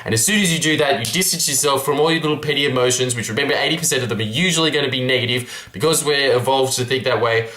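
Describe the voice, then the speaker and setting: A young man talks straight to camera in a loose, earnest self-help monologue, restarting his sentences as he thinks. His voice sits at an ordinary middle pitch. The recording is roomy, with a noticeable echo around him. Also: fast talker, hardly any pauses, sharp tone. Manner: rambling, earnest, frequent restarts. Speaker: vlogger.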